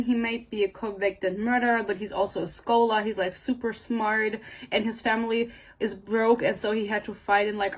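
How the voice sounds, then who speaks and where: A woman's voice: mid-range voice, low-quality recording. A young woman giving a casual, sarcastic book rant at home, swearing bluntly and using lots of filler words. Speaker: book reviewer.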